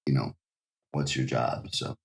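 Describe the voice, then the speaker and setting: A man's voice: very deep voice, fairly even intonation, unhurried. A man from the United States, a professional game localizer, talking casually as a podcast guest and rambling with many restarts and "you know"s. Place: home in Japan, remote call.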